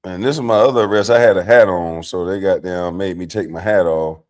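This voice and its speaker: Middle-aged man, livestream host, casual storytelling, profane, animated, low mutters to loud outbursts. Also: a little fast.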